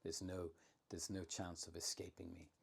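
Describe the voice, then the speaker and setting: A man's voice: low voice, little pitch movement, moderate pace, gravelly, slightly rough, heavily acted. A man playing a sarcastic mythic giant. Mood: calm guiding. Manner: sarcastic, mock-innocent. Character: huge mocking male giant of myth.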